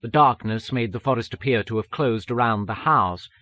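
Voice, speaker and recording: A man reading an audiobook in a measured, even manner. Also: on the low side. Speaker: audiobook narrator. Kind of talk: scripted narration.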